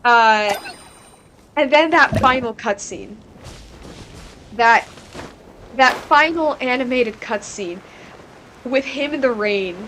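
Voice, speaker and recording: A woman's voice: fairly high pitch, takes it slowly, pauses often, fairly bright tone, slight background noise. A woman streamer talking casually about a game, rambling and candid, filling her talk with "like". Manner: rambling and candid, heavy with "like" fillers.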